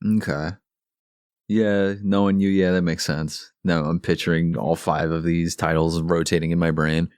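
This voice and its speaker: A man as a guest on a games podcast, talking easily with pauses and fillers. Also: deep voice, flat delivery, darkish tone, smooth, no echo, clean studio sound. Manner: easygoing, listing things with pauses and fillers. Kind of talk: casual chat.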